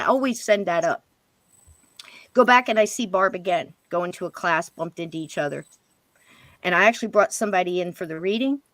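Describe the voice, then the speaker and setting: A middle-aged woman telling a personal story in a casual, animated way, jumping higher when she quotes people. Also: no echo. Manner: animated, jumps to higher pitch when quoting others. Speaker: podcast guest.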